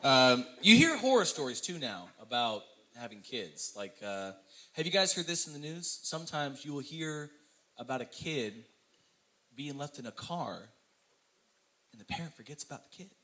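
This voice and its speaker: A man performing stand-up comedy in an animated, self-mocking way, speaking straight to the audience. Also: mid-range voice, normal speed.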